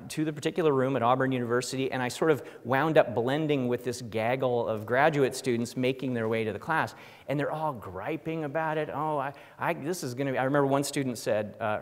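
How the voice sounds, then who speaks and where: Middle-aged male professor, dry self-mocking humor, lecture hall reverb. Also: mid-range voice. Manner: wry, self-deprecating, acts out quotes. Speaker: professor giving an award lecture.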